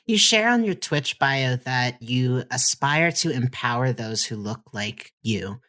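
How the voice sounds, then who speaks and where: Attentive podcast host, measured questions. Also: mid-range voice, lively intonation. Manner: attentive, soft murmured agreement, measured questions. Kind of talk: interview questions and backchannel.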